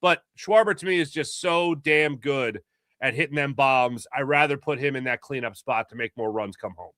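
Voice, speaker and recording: A middle-aged man co-hosting a sports talk show offers casual, opinionated takes with plenty of emphasis, picking up speed when he drives a point home. His voice is medium-pitched and fairly bright, at a normal pace. The clean studio recording is dry.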